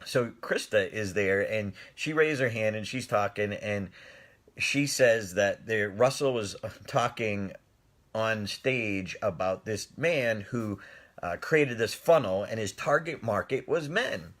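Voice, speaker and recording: Speaking slowly in a fairly low voice, a middle-aged man relates a personal story on a live stream. The mood is casual and animated, with frequent laughter and replies to viewers' comments.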